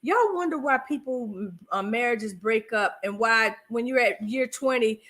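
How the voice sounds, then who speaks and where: This is a woman with a Southern US accent, from North Carolina, co-hosting a marriage talk stream. She is chatty and laughs easily, her voice sitting high, and she keeps calling the audience y'all. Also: animated, a little slow, a bit bright. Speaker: co-host of a marriage talk show. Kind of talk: casual livestream chat.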